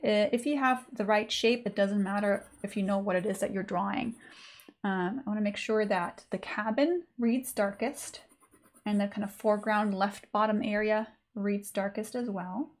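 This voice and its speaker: A woman's voice: medium pitch, steady tone, moderate pace. A woman teaching a live online sketching lesson in a chatty, informal way with many fillers. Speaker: art teacher.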